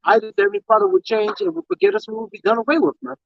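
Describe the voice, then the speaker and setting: A man leading a casual Bible study chat in an excitable way, swearing and saying "man" again and again. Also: very high voice, rapid-fire, gravelly, no room sound. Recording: dull lo-fi dry live stream.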